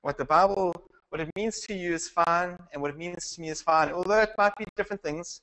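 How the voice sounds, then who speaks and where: A man's voice: high-pitched, fairly quick, fairly bright tone, low-quality recording. A man teaching a Bible class in a conversational lecture style, asking the class questions and restarting his sentences. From South Africa.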